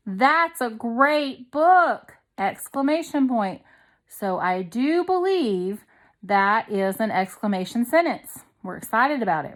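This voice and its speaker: A patient woman teacher walks young children through a grammar lesson, one step at a time. She reads each example sentence slowly, then breaks it down, checking in with a frequent "okay?" Her pitch sits in an ordinary middle range. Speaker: second grade teacher.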